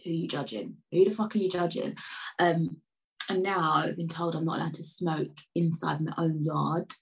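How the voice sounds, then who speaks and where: A woman chatting casually to camera over a cup of tea, rambling, flipping between loud outbursts and quiet mutters. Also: deep voice, steady tone, moderate pace, vocal fry, rough recording. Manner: sips tea while talking. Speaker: vlogger.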